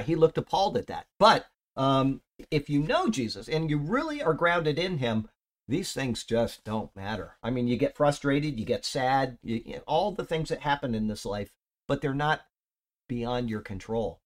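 A man talks through a Bible passage in an easygoing, unscripted way. He drifts between points, restarting sentences and filling pauses as he goes. His voice sits at an ordinary middle pitch. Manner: rambling, conversational, with many fillers and restarts. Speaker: Bible teacher. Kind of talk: casual Bible teaching talk.

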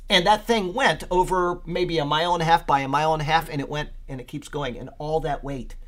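A man's voice: on the high side, fairly even intonation, fairly quick. A man leading a podcast Bible study, rambling and searching for words with many fillers, then reading aloud and leaning hard on key words.

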